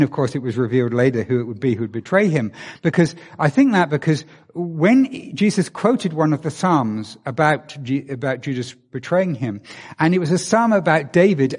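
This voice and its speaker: A man's voice: a little high, animated, normal speed, a little mellow, slightly rough. A man from England, preaching a conversational sermon and asking his listeners many rhetorical questions. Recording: long reverb of a large hall.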